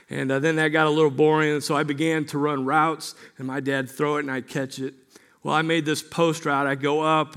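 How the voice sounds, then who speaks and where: A man preaching a sermon as pastor, earnest and conversational, often checking in with "right?" and growing quiet and gentle as he leads prayer. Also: a little high. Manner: earnest, repeats key phrases, asks "right?"; turns quiet and slow while leading prayer.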